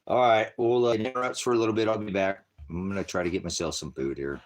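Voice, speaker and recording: A man's voice: on the low side, fairly even intonation, fast talker. A man hosting a casual livestream, rambling and joking, often breaking off to baby-talk his dogs. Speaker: livestream host.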